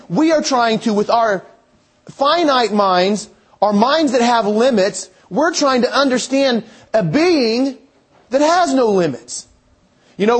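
A man's voice: very high voice, husky. A man preaching a sermon in a conversational way, thinking aloud and restarting his phrases.

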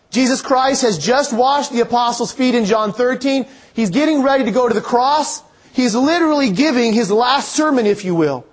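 A man preaching a sermon in an earnest, conversational way, quoting scripture and telling stories. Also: very high-pitched.

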